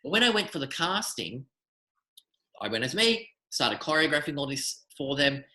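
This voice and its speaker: A man tells animated backstage anecdotes, circling back and restarting as he goes. His voice is bright and a touch high, and it rings in an echoey room. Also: normal speed. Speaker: magician guest. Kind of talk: casual interview storytelling.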